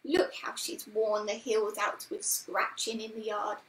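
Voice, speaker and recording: A woman's voice: mid-range voice, flat delivery, a little slow, a bit bright, roomy sound, recorded from a distance, a little hiss or hum, close to an everyday voice, low-quality recording. A woman voicing a kindly, fussy old hedgehog washerwoman in a storybook, chatty and homely. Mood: chatty, fussing.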